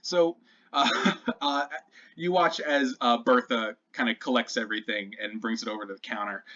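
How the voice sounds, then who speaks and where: A man's voice: medium pitch, steady tone, normal speed, bright, forceful tone. A man running a tabletop game as dungeon master, narrating loosely with lots of fillers. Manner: loose, chatty, many fillers. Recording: slightly dull lo-fi sound.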